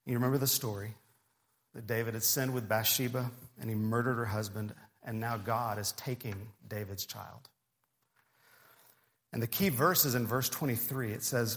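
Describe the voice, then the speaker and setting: A man preaching a sermon, reading scripture aloud in an earnest, measured way. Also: mid-range voice, steady tone, a bit bright. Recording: long hall reverb.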